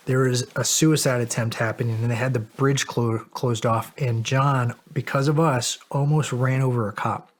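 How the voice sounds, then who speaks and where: A man's voice: medium pitch, normal speed, few pauses. A middle-aged man, a podcast guest, telling a long story in casual, profane, self-mocking style. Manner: animated, profane, laughs at himself.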